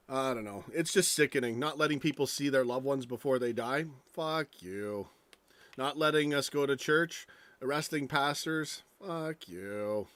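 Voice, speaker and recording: A man's voice: fairly high pitch, fairly bright tone, no room sound. A man hosting a live stream, ranting angrily with lots of swearing and rambling stories. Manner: angry, profane, rambling rant.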